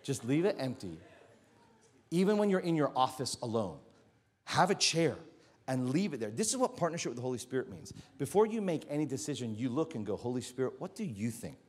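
Male pastor, middle-aged, lively sermon storyteller with a very expressive pitch. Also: fairly quick, husky, big-room sound. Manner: animated storytelling, acts out voices.

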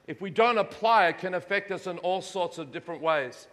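Male pastor preaching in a big church hall, forceful bright tone, leads the congregation in repeating phrases. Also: sits high. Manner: repetitive call-and-response with congregation; reads scripture aloud with emphatic slowed phrases. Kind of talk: sermon. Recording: long reverb of a hall.

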